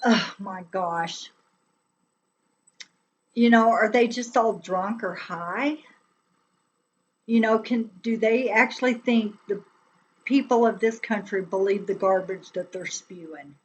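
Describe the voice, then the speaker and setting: A woman chats slowly and loosely to her live stream viewers, laughing often as she rambles along. Her voice sits at a middle pitch, and a faint noise hums underneath. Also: poor audio. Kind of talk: casual political chat on a live stream.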